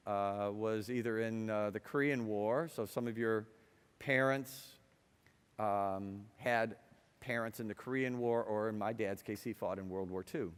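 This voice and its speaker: A middle-aged man from Ohio telling a personal story to an audience, wry, moving between quiet reflection and lively, amused telling. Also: fairly low pitch, clear, resonant tone. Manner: wry, swings from hushed to lively. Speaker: speaker. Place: university hall. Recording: hall with long reverb.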